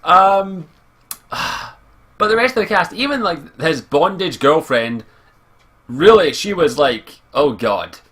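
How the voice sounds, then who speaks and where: A man's voice: high-pitched, animated, slow pace, long pauses, a bit bright, breathy edge. A Scottish man ranting casually through an anime review, swearing often and sounding exasperated. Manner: profane, exasperated, rambling.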